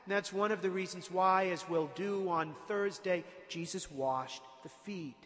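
A man's voice: high voice, unhurried, a bit bright, big-room sound. A man preaching a sermon, retelling scripture with dramatic emphasis and sudden rises in force.

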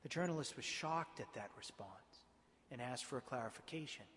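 A male priest preaching a homily, moving from quiet storytelling to emphatic, impassioned points. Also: mid-range voice, expressive, a little fast. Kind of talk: sermon. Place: church. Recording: long church reverb.

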